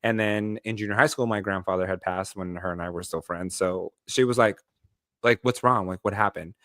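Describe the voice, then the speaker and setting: Lower-voiced man telling a candid story. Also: steady tone, normal speed, a bit bright, dry recording, clean studio sound. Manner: personal, candid, heavy use of "like" and "um". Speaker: podcast co-host. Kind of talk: casual storytelling chat.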